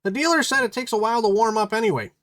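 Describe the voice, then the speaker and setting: A man's voice: high voice, very fast, fairly bright tone, dry recording, studio quality, voice pushed up. A man voicing a wisecracking male pilot who takes his time and shrugs off complaints with a breezy, cheeky manner. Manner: breezy, unbothered and a little cheeky.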